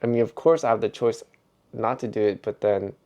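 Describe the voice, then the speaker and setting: A man's voice: fairly low pitch, steady tone, brisk, darkish tone. A middle-aged man vlogging in a rambling, reflective way, chuckling often as he talks. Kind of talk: casual vlog monologue.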